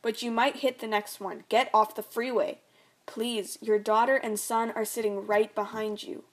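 Frightened pleading mother, read by a woman, slow and loud, audiobook-style story. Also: fairly high pitch. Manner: urgent, pleading.

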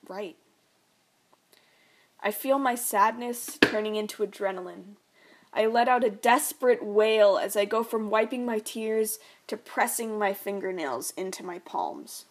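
A young woman narrating her own story in the first person, soft and reflective. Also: mid-range voice.

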